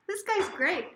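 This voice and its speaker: A psychic hosts a casual, chatty live stream from her home near a kitchen, gushing as she relays a spirit's words in quotes. The room is echoey and the recording very noisy.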